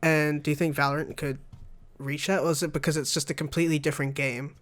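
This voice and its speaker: Young male podcast co-host, chatty and rambling, light higher voice. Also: level tone, quick pace, a bit bright. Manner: rambling, chatty, laughs often. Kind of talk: casual gaming chat.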